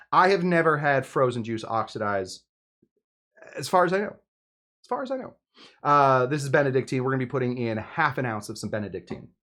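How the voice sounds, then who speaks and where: A man's voice: on the high side, a bit bright. Rambling, jokey man making cocktails. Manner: rambling, jokey, chatty, with many fillers. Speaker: home bartender host. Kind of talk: casual cocktail-making video with live chat.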